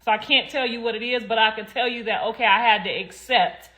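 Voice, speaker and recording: Brisk and sharp, with a fairly high pitch, a young adult woman speaks directly to her livestream audience. Her casual talk is sassy, blunt, and rambling, with plenty of swearing.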